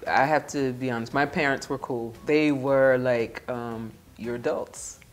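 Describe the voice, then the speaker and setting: A woman guest telling stories in a casual interview, animated and laughing as she talks. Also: rumbling low, measured pace.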